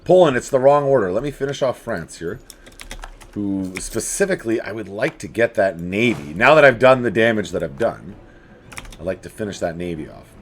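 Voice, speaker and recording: A man's voice: on the low side, normal speed, a little hiss or hum. A man giving casual, chatty commentary as he plays a strategy game, talking straight to the enemies on screen. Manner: animated, chatty, talks to the game's enemies. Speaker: let's play host.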